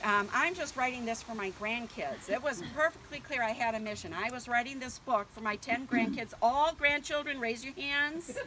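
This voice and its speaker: Against a noisy background, an older woman with a fairly high pitch speaks at normal speed with few pauses. She's nervously thanking family and friends at the launch party for her book, chatting away with frequent ums and bursts of laughter.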